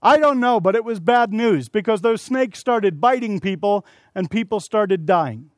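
A man preaching an evening sermon, telling stories and acting out quotes in a lively, animated way. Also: sits high, moderate pace, no room sound. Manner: storytelling with acted-out quotes and shouted asides.

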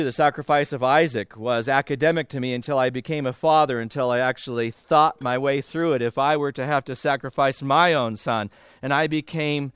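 Earnest preacher man, smooth voice. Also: no echo, studio quality. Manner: earnest, swings between emphatic rises and hushed low passages. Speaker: pastor. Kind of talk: sermon.

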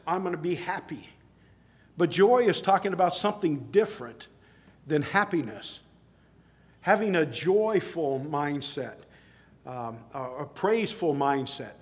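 A middle-aged man preaching a sermon in a conversational way, telling stories and rising to emphatic exclamations. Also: on the high side.

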